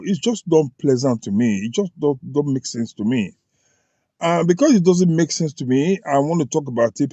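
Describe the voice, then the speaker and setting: A man's voice: medium pitch, dark tone, dry recording, muffled recording. A man from Edo with a Nigerian accent and Pidgin phrases, giving emphatic political commentary straight to his listeners. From Edo State, Nigeria. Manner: emphatic, addresses listeners directly, fills pauses with "uh". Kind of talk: opinionated political commentary to camera.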